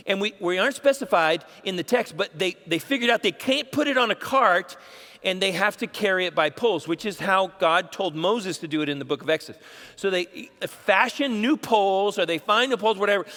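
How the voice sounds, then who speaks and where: High bright man preaching in a hall. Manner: casual storytelling, plays out dialogue. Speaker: pastor. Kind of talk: sermon.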